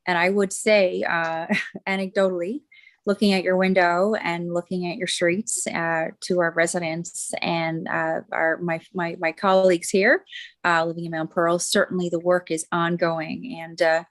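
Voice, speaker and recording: Woman deputy mayor going thru council items, lots of uhs and ums, lowish voice, desk mic in chamber. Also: flat delivery, normal speed. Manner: hesitant, many fillers and restarts. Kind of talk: council meeting report.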